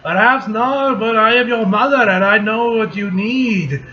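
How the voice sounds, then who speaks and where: A man voicing a caring, gently scolding mother with a put-on accent. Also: high-pitched, measured pace, highs cut off, slight background noise, voice pushed up. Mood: motherly.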